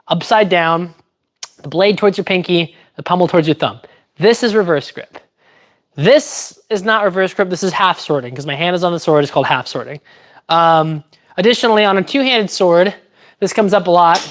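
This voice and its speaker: A woman's voice: fairly low pitch, animated, moderate pace. A woman chatting casually on a livestream while training fencing, thinking aloud and explaining technique step by step. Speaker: fencer streaming her training.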